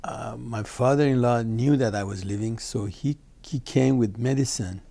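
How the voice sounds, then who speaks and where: An older man from Iran, telling his own story in an interview in animated, emphatic, slightly broken English. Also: mid-range voice, normal speed, vocal fry. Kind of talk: personal storytelling.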